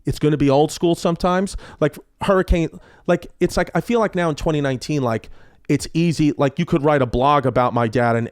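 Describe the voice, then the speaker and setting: A man in his thirties, a comedian guest on a podcast, telling stories in a casual, animated and profane way. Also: mid-range voice, no echo, clean studio sound. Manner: animated, profane, loose with fillers. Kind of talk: casual storytelling.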